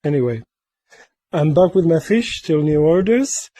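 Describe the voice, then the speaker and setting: A man's voice: fairly high pitch, animated, unhurried, warm tone, no room sound. Playful rambling man, sculpting vlog. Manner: playful, rambling, sing-song repetitions. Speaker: mask sculptor. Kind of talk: casual workshop vlog.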